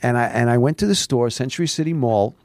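A man telling a long story as a podcast guest, animated and full of restarts, recorded in a studio late at night. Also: mid-range voice, fast talker, no room sound. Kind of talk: casual storytelling.

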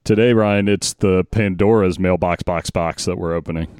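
A man's voice: low voice, steady tone, normal speed, a little mellow, dry recording, clean studio sound. A man co-hosting a podcast, chatting casually and laughing often. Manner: laughs often, chuckly and easygoing. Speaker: podcast co-host. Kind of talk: casual chat.

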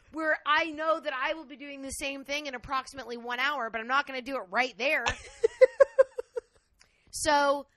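A woman co-hosting a casual chat, telling a crude, outraged story in an animated way. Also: high voice, moderate pace, long pauses.

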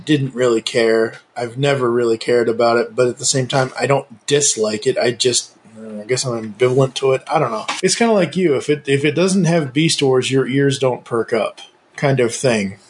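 A man's voice: mid-range voice, moderate pace, slight background noise. A man in his thirties co-hosting a casual podcast, rambling and opinionated. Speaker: podcast co-host.

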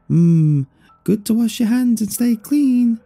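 A man putting on a shrill female puppet, bossy and prim, slow scolding singsong, husky undertone, dark timbre, faint music behind. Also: animated, heavily acted. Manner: high scolding singsong, slowed and drawn out.

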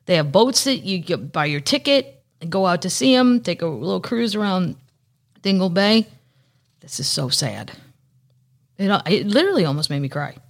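A woman hosting a solo podcast, chatting casually and rambling, swearing freely and dropping into whispers. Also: fairly low pitch. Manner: chatty, profane, rambling, with sudden soft whispered asides. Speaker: podcast host.

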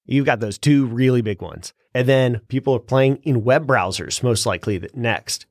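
A man's voice: medium pitch, normal speed, darkish tone, dry recording, studio quality. A man co-hosting a podcast, explaining things step by step in casual chat and laughing easily. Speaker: podcast co-host.

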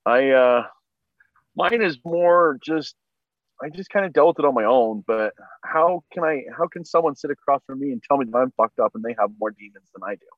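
A man's voice: medium pitch, animated, a little fast, dry recording, dull audio. A man co-hosting a podcast, speaking casually with dry, wry remarks. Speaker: podcast co-host. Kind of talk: casual chat.

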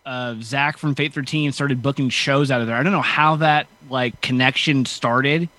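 A man's voice: medium pitch, fairly even intonation, normal speed, bright, forceful tone, dry recording. A man in a band chatting as a podcast guest, telling tour stories in a laid-back way and swearing freely. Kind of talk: casual chat.

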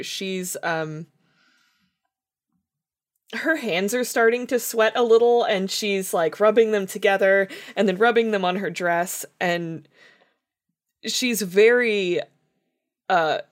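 A woman's voice: mid-range voice, fairly bright tone. A woman playing a tabletop game, describing her character hesitantly with many ums. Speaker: player.

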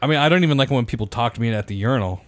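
A man's voice: medium pitch, very fast, no room sound. A young man chatting casually on a podcast, telling bathroom stories with lots of swearing and laughter. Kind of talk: casual chat.

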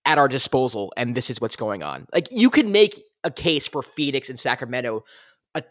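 Man, sports podcast host, casual ranting chat, swooping animated pitch. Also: brisk, dry recording, studio quality. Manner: animated, ranting, exasperated fan.

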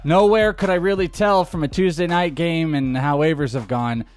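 A man's voice: fairly high pitch, moderate pace, faint music behind. A man hosting a sports podcast, upbeat and joking in casual chat. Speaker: podcast host.

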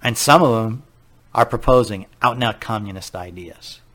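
This talk radio host covers politics in a lowish voice at a moderate pace. Animated and incredulous, he piles on rhetorical questions and sometimes laughs at his own flubs.

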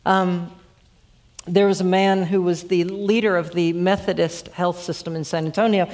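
A woman's voice: steady tone, normal speed, a little mellow. Woman preacher, sermon storytelling, stumbling repeats, emphatic climbs. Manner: repeats starting words, builds to emphatic high peaks.

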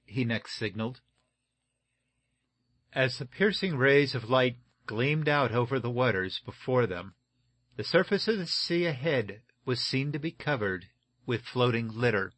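A man reading an adventure audiobook in a steady, measured way. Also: medium pitch, dry recording. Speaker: audiobook narrator. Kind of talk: scripted narration.

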